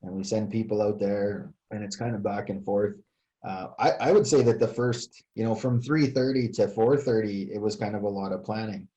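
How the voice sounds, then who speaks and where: A man's voice: fairly low pitch, steady tone, normal speed, warm tone. An older man, a retired fire chief recounting events in a casual interview, hesitant with many fillers and restarts. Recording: dull lo-fi sound.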